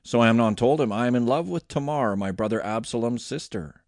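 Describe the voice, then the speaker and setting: A man hosting a daily Bible reading, reading scripture aloud with expressive, animated delivery. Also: medium pitch, brisk, no room sound, studio quality. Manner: expressive reading with lively voiced quotes.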